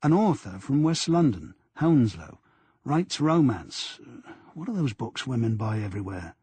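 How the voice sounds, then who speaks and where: A man's voice: mid-range voice, very animated, measured pace, warm tone, breathy edge, heavily acted. A man voicing an earnest, deferential young male detective sergeant in an audiobook. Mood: reporting.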